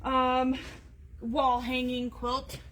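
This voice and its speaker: A woman hosts a casual live video for a sewing store, reading class details in a chatty manner full of fillers. Her high, slightly bright voice is monotone and extremely slow.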